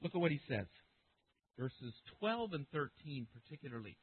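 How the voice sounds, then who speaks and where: Husky, high-pitched preacher with a thin, phone-like sound. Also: male voice, very animated, normal speed. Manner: emphatic, rising to loud bursts when quoting scripture. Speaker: pastor. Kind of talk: sermon.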